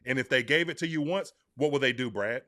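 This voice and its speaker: A man's voice: mid-range voice, brisk. A man with a Southern US accent hosting a casual sports talk show, telling stories emphatically. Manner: emphatic, animated storytelling.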